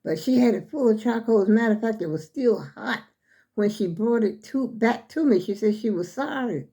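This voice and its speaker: An older woman talks in a loose, rambling way, calling her viewers y'all. Her voice is mellow and a little short of breath. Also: fairly high pitch, expressive, normal speed. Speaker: vlogger showing her clothes. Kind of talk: casual chat to viewers.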